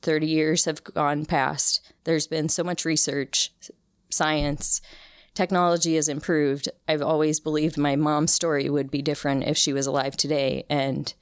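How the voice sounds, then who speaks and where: A woman's voice: low-pitched, clear, resonant tone, no room sound, studio quality. A woman in her thirties, an interview guest, telling a personal story in an earnest, emotional way with frequent restarts. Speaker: interview guest, cancer survivor. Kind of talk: casual conversational interview.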